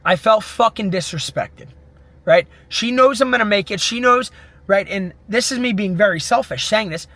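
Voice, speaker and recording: A man's voice: sits high, normal speed, a bit bright, no echo. A young man in his twenties, a mindset coach, giving an intense, profane motivational monologue full of self pep talk.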